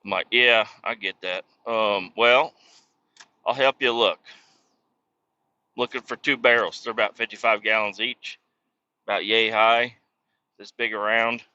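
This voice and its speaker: A man's voice: on the low side, fairly even intonation, measured pace, pauses often, bright, forceful tone. A man, a truck driver, tells a rambling, profane story as a casual monologue from his truck cab. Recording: slightly muffled lo-fi recording.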